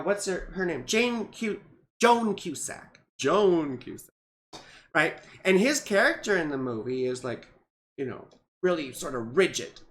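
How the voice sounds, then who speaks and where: A woman's voice: lowish voice, a little hiss or hum. Rambling, chatty middle-aged woman. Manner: chatty, rambling, full of asides and tag questions. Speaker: astrologer. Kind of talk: casual astrology vlog. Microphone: camera mic.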